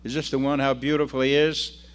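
A man's voice: medium pitch, flat delivery, fairly quick, clean tone, voice pushed up, natural voice. A man preaching who voices the devil with a raised, mocking, taunting tone.

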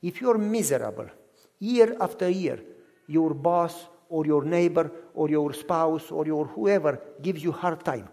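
High-voiced preacher in a reverberant hall. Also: male voice, lively intonation, a little slow, creaky. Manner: preaching with wide swings from hushed to shouted; acts out quoted voices in dialogue. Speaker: pastor. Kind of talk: sermon.

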